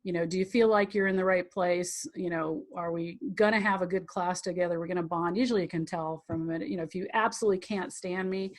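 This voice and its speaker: A woman's voice: fairly low pitch, fairly even intonation, fast talker, few pauses. Chatty female tantra teacher, loose and rambling, acts out little quotes with laughs. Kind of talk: live online class teaching.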